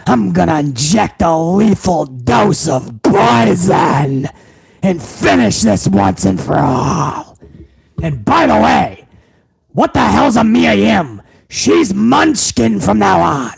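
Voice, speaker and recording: Man putting on a tyrannical old boss, barks insults and threats, gravelly shout. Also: high voice, animated, takes it slowly, exaggerated voice. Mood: vengeful raging. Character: ranting older male company boss, tyrannical.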